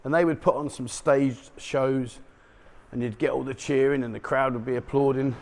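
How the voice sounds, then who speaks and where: A middle-aged male vlogger chats and jokes while walking along a city street outdoors at dawn, filmed on a handheld camera, chuckling at his own remarks in this walk-and-talk street vlog. His voice is medium-pitched and darkish, with fairly even intonation, normal speed, and vocal fry.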